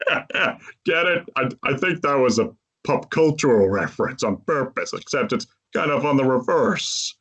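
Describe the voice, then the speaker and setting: Man, podcast host, casual movie recap, chatty, mid-pitched voice, laughs a lot. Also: expressive, moderate pace, fairly bright tone, husky. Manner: chatty, laughs often while retelling scenes.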